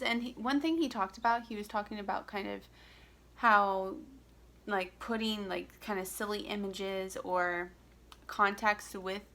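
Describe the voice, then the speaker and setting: At her Florida home, a young Central Florida woman talks loosely to her camera as a vlogger, stumbling through fillers and starting sentences over. She has a medium-pitched voice with a sharp tone.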